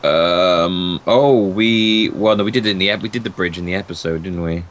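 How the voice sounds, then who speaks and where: A man co-hosting a casual gaming video, playful and quick to laugh, talking into a desk microphone set beside his keyboard. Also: deep voice, a bit bright. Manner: playful, puts on silly voices and laughs a lot. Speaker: co-host of a game series.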